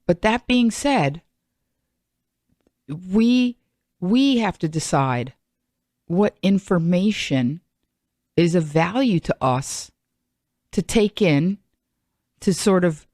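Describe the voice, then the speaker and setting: A woman's voice: lowish voice, animated, slow, pauses often, darkish tone, no room sound, studio quality. A middle-aged woman hosting a podcast, talking in a chatty, rambling monologue full of self-mocking asides. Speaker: podcast host. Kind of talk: solo comedic monologue.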